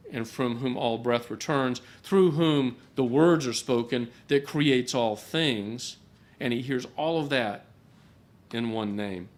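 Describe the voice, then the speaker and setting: A man teaching a Bible class at a church gathering, talking in a conversational way and often repeating a word as he restarts a thought. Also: mid-range voice. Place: gathering hall.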